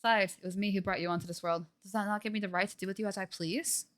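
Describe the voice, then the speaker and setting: This woman talks rapid-fire at a medium pitch with a steady tone, acting only lightly. For a livestream, she voices game lines as a scheming ancient spirit possessing a young woman, speaking formally, condescendingly and archaically, with game music loud behind her.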